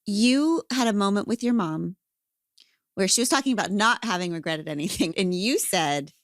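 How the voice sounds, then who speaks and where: A woman's voice: mid-range voice, expressive, normal speed, no echo, clean studio sound. Podcast host woman asking questions. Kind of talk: interview conversation.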